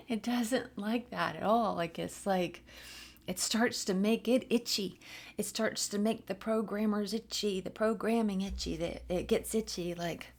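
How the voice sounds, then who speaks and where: Slow, giggly woman giving a channeled reading. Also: mid-range voice. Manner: playful, giggly, drifting into soft whispers. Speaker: spiritual reader.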